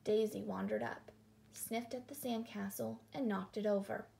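A woman calmly reading a children's picture book aloud. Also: medium pitch, normal speed, vocal fry, a little hiss or hum. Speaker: storyteller.

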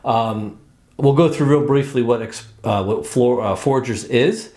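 A man's voice: mid-range voice, unhurried, a little mellow, roomy sound. A male host casually explaining a board game, rambling with lots of fillers and restarts. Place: indoors at a game table.

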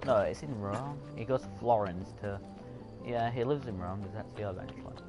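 A man's voice: lowish voice, brisk. A man chatting casually and rambling over his own gameplay as a streamer. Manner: chatty, rambling, self-correcting. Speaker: gaming streamer. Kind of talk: casual let's-play commentary. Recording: game music playing behind.

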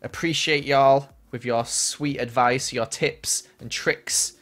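A man's voice: mid-range voice, fairly even intonation, takes it slowly, a bit bright. A young man streaming a game, chatting casually and answering chat questions from a small room at home. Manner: chatty, reads chat aloud and answers while playing.

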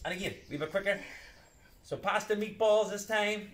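Running a live PE class for kids, a coach calls out playful, upbeat exercise instructions one step at a time. He speaks at a moderate pace in a high-pitched voice, and with the camera placed across the room, the audio is reverberant.

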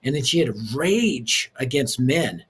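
A man who is a preacher and author, telling his life story as a guest in an interview in a lively, punchy way with touches of humor. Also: mid-range voice, unhurried, slightly rough.

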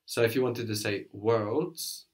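A man's voice: on the low side, unhurried. A man teaching a language one-to-one, prompting his student with questions and brief praise.

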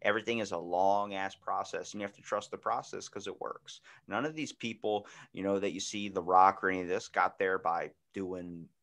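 Animated low-voiced man telling stories. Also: normal speed, gravelly, few pauses. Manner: animated storyteller acting out voices, swears freely. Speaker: podcast host. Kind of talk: casual chat.

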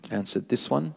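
A man giving a sermon in a mosque, telling stories with lively rising emphasis and quoting Arabic scripture. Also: mid-range voice, creaky, husky. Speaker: sheikh giving a mosque lecture. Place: mosque lecture hall. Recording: long hall reverb.

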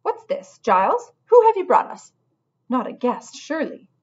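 A woman's voice: high-pitched, expressive, moderate pace, fairly bright tone, muffled recording, pitched above the performer's own voice. Woman doing a doting porcupine cook. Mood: fussing. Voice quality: doting, calls everyone dear. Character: plump fussing motherly female porcupine cook.

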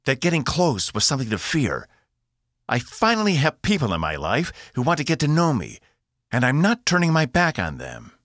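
Guy doing a high excited young woman pilot, fierce, audiobook voice, dry sound. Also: moderate pace, no room sound. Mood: defiant. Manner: defiant, excited, rising voice.

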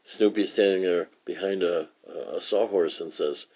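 A man reading a comic book aloud for children in a relaxed storytelling way. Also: sits low, a little slow, hardly any pauses, breathy edge. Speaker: reader. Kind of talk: children's read-aloud narration.

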